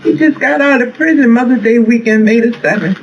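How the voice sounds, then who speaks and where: A mother recounting events to police, forceful and indignant, often repeating herself. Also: a little high, fairly quick, dull audio. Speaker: interviewee, mother.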